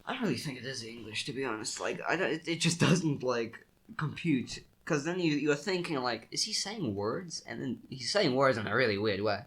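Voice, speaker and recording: A young man co-hosting a podcast, chatting casually in a rambling, halting way full of restarts. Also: medium pitch, animated, fairly bright tone. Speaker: podcast co-host. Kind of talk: casual chat.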